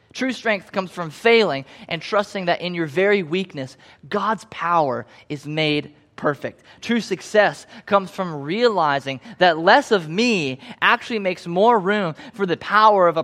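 A man's voice: sits high, fairly bright tone. A young man preaching a sermon in a conversational, storytelling way, acting out the voices of the people he quotes.

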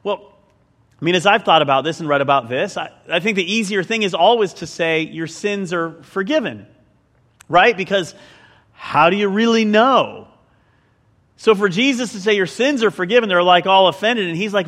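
High-voiced preacher in a reverberant hall. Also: male voice, normal speed. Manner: animated, conversational, with joking asides. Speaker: pastor. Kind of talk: sermon.

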